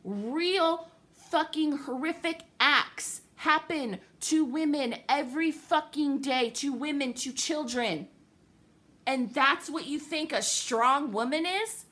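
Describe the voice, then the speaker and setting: Fiery high-pitched young woman ranting. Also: slow, bright, forceful tone. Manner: profane, heated, sarcastic. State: upset, livid. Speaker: vlogger. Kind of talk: angry rant to camera.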